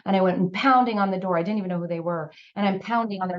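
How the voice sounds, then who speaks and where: A woman's voice: medium pitch, very fast, hardly any pauses, lo-fi sound. A woman recounting a personal story in an emotional, vivid way, acting out the quotes. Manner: talkative, vivid retelling with acted quotes.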